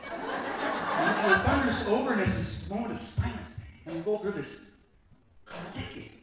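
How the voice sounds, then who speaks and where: A man telling a personal story live on stage, animated and full of restarts. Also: sits high, normal speed, slight background noise. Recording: echoey hall from far off.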